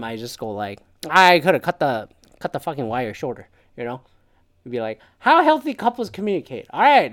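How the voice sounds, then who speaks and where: A woman's voice: fairly low pitch, dry recording, clean studio sound. A young woman casually reading an article aloud and reacting to it, blunt and profane, often breaking into laughter.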